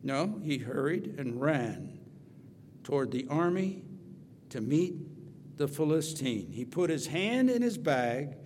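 A male preacher with a fairly high voice, preaching at an unhurried pace. He tells the story dramatically, punching some words loud and dropping into quiet asides. The voice carries a long hall reverb over a faint hum. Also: sing-song. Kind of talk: sermon.

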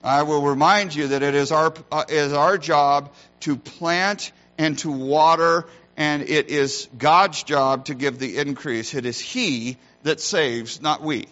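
A man's voice: a little high, fairly even intonation, slow, few pauses, a bit bright. Earnest preaching man, dull recording. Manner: earnest preaching, varied emphasis, rhetorical questions. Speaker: pastor. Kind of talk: sermon.

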